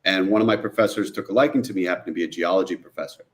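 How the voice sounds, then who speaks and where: A man's voice: low voice, rapid-fire. A man from New Jersey, a guest and film director, telling his own story in an interview and acting out the people he quotes. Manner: animated retelling, acting out quoted voices.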